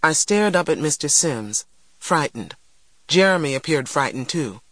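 A man reading an audiobook in an earnest, measured storytelling manner. His voice sits a touch high for a man, and the recording is dry and close with no room sound. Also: animated, a bit bright, no echo. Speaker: audiobook narrator. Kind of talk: scripted narration.

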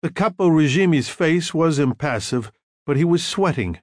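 Man, audiobook narration, measured storytelling, mid pitch, lively intonation, dry studio sound. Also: no echo. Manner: measured storytelling with acted dialogue.

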